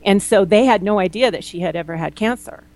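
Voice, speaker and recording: A woman naturopath being interviewed, talking bluntly and telling lively stories, often acting out what people said. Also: medium pitch, a little fast, low-quality recording. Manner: blunt, animated storyteller, quotes people in lively voices. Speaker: naturopath guest. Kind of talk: candid interview conversation.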